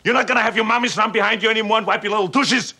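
An actor playing a stern police detective stuck teaching kindergarten, barking orders like a drill sergeant. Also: male voice, sits high, fairly even intonation, racing, pushed and bright, slightly rough, full character voice. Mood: scolding. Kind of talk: film dialogue clip.

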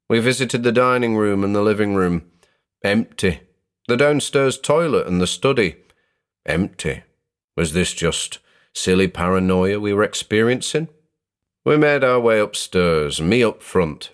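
A young man narrating a horror story in a measured, suspenseful first-person telling. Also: sits low. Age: young adult.

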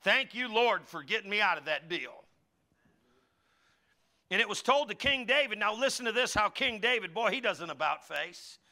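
A middle-aged male pastor delivering an animated sermon, his voice high and bright. He slips into character voices for the people in his stories and calls on the congregation to say lines back to him. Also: normal speed. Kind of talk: lively sermon with acted-out quotes.

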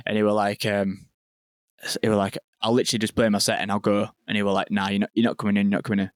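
A young English man, a venue owner appearing as a podcast guest, tells a story in fast, rambling chat packed with "like" and swearing. His low voice stays level with barely any pitch movement. The recording is dry and close, with no echo.

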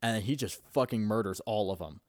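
A man's voice: on the low side, fairly quick, dry recording, studio quality. A young man casually recapping a movie in a rambling, profane way, full of fillers.

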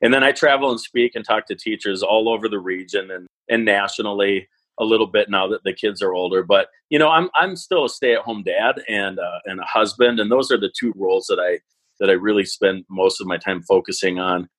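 A man in his forties, a parenting educator, telling stories in an animated, self-deprecating way on an interview. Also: on the low side, fairly quick, husky, rough recording. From Wisconsin, US. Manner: animated, self-deprecating, acts out quoted thoughts. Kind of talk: conversational interview storytelling.

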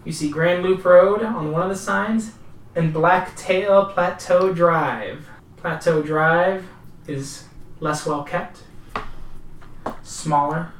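A man's voice: on the high side, a little hiss or hum. Man, tabletop storyteller, atmospheric narration, echoey room, faint ambience. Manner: slow, atmospheric scene-setting. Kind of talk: narrating a tabletop horror game. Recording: roomy, distant mic.

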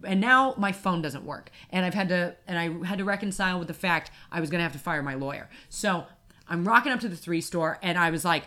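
A woman co-hosting a casual podcast, telling a story in an animated ranting way and acting out her own shouting. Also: lowish voice, brisk. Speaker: podcast co-host. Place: apartment in Wimbledon.

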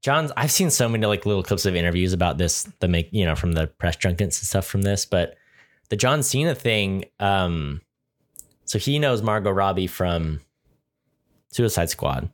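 Low-voiced chatty man. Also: animated, moderate pace. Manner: enthusiastic, rambling with many fillers. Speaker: podcast co-host. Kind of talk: casual chat.

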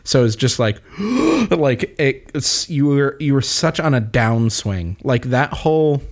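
Excitable man recapping a movie. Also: mid-range voice. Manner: excitable, laughs often, quick bursts. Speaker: podcast co-host. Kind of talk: casual movie recap chat.

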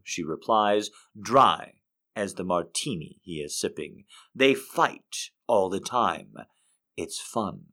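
Man reading poems aloud, expressive and musical. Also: fairly low pitch. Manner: expressive reader, swings between lifted and hushed phrases. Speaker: host. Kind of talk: poetry reading.

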